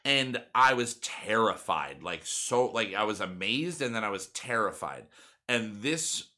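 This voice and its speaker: A young man in his twenties hosts a casual podcast chat. His voice sits a little low but comes across bright and forward. He rambles and circles back with plenty of fillers. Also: animated, unhurried. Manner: rambling, many fillers and restarts. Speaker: podcast host.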